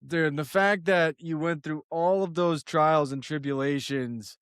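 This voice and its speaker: A man's voice: on the high side, a little slow, a bit bright, clear, resonant tone, dry recording, studio quality. A man hosting a casual podcast chat, laid-back and slangy. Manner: laid-back slangy, says dude a lot. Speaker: podcast host.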